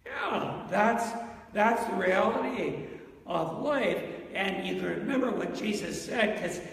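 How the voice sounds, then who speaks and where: A man's voice: high-pitched, big pitch swings, slow, vocal fry, distant mic. A pastor preaching an interactive sermon, asking his congregation questions and telling stories. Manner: asks the congregation questions, storytelling. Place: church sanctuary. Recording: echoey church with long reverb.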